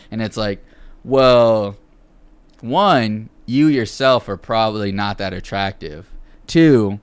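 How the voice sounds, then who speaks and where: A man's voice: medium pitch, normal speed, dry recording. A man co-hosting a podcast, chatting casually, rambling with fillers and swearing. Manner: rambling, profane, lots of fillers.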